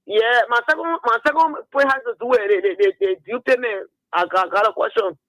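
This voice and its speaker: Man, Liberian English accent, very high pitch, phone caller, insistent. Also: a little fast, fairly bright tone, dry recording, low-quality recording. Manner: insistent, repeats himself. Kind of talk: call-in complaint.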